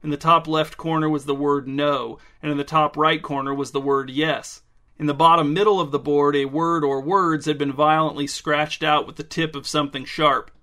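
A man narrating a story in a dry, deadpan way. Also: fairly high pitch, moderate pace.

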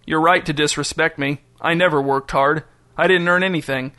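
A man's voice: fairly high pitch, steady tone, moderate pace, sharp tone. A man voicing a wealthy retired male businessman who talks in a rueful, pleading way. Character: rich retired male businessman, self-pitying. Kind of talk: audiobook character voice.

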